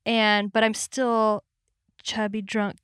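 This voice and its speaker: A woman in her thirties chats as a podcast guest, goofy and joking and laughing often. Her voice is bright and forward, with a mid pitch. The recording is dry and close. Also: flat delivery, slow pace, smooth, dry recording. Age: 30s. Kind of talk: casual chat.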